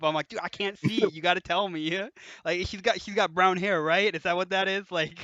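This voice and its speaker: Young man telling stories, bright voice. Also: sits high, clean tone, no echo, dull audio. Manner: animated, laughs through stories, swears freely. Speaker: podcast host. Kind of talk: casual storytelling chat.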